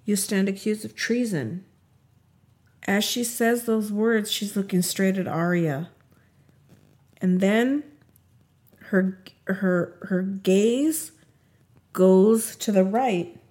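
A woman casually recapping a TV episode, retelling scenes in an animated way and acting out what the characters say. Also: mid-range voice, takes it slowly, long pauses. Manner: animated retelling, acts out quotes.

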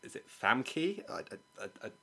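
A man's voice: medium pitch, very animated, a little slow, creaky, a bit bright, slightly rough. A man in casual chat, talking hesitantly and unsure of himself.

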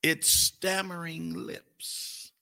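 A man's voice: on the high side, level tone, very slow, vocal fry, bright, forceful tone. An older man, teaching a Bible study sermon in a folksy way and calling on his listeners. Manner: folksy, calls on listeners, puts on a cooing grandparent voice. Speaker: pastor.

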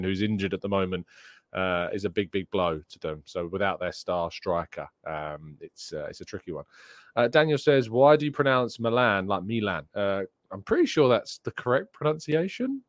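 In a lowish voice with no echo, a man hosts a daily football news show, chatting casually about fixtures and reading viewers' questions aloud. He says um and uh frequently.

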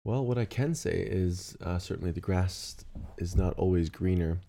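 Male podcast guest, very low, dark mellow tone, wry and laid back. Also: moderate pace, creaky. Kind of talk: casual podcast chat.

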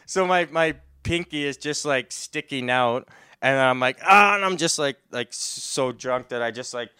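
A young man tells a story in casual chat. He rambles, fills every pause with "like" and often breaks into laughter. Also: mid-range voice, bright, forceful tone, clear, resonant tone, no echo, studio quality.

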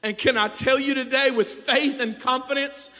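A man preaching a sermon as pastor, moving between quiet, intimate passages and loud, shouted climaxes. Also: very high-pitched, steady tone, normal speed. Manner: swings from hushed to shouted preaching. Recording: long hall reverb.

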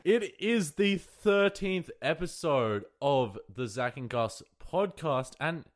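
A man's voice: fairly high pitch, animated. A man co-hosting a casual podcast, laughing often and reading out numbered facts. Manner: quick, laughing, reads numbered facts in a mock countdown voice. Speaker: podcast co-host.

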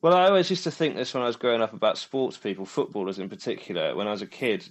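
A man chatting casually as a podcast co-host, voice sitting a little low. He rambles, halts and restarts his sentences as he thinks aloud. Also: expressive. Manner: rambling, halting, many restarts. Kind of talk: casual chat reviewing a quiz show.

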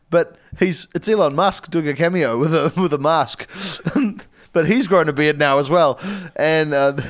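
A man's voice: fairly high pitch, clear, resonant tone. A man co-hosting a comedy podcast, retelling a film plot in a rambling way and laughing into his own sentences. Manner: rambling, laughs mid-sentence, frequent restarts. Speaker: podcast co-host.

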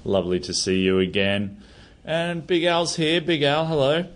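A man's voice: a little high, moderate pace. A man hosting a casual podcast, opening the show in an upbeat way and making teasing asides. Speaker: podcast host. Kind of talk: casual chat.

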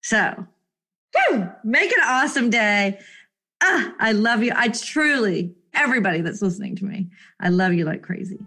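A woman's voice: medium pitch, very animated, normal speed, pushed and bright, breathy edge. A woman hosting a solo motivational podcast, talking in an effusive, emotional way with frequent laughter and repeated exclamations. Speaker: podcast host.

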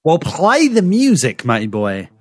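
A man's voice: a little high, huge pitch swings, a little slow, a little mellow, breathy edge, dry recording, clean studio sound, faint music behind. Playful man hosting a podcast. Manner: playful, teasing, sing-song emphasis. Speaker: podcast host. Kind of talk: casual game-show banter.

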